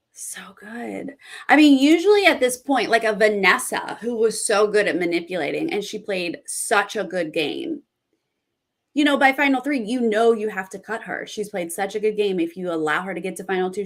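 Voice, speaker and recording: A young woman hosting a casual reality TV recap, reacting with excitement and reading viewer comments aloud. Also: mid-range voice.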